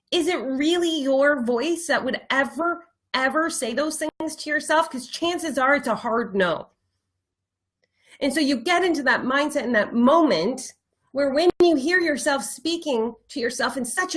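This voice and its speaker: A woman coach speaking straight to her viewers in a motivational talk. Her voice sits a little high, and she leans on repeated words for emphasis. She often slows and softens to let a point sink in. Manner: drops to soft, slow delivery for reflection. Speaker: life coach.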